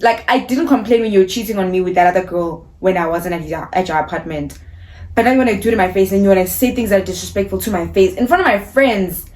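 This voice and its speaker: A young woman from South Africa tells a storytime vlog in an animated, indignant way. She acts out what the other people said as she goes. Her voice sits at an ordinary middle pitch. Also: quick pace. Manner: animated, indignant retelling with quoted dialogue. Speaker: vlogger.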